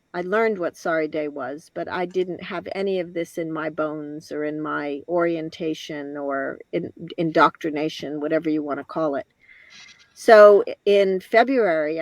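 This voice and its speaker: An older woman, a guest in an interview, tells a personal story in a reflective, halting way, restarting often and laughing softly. Her voice is deep, and there's no room sound.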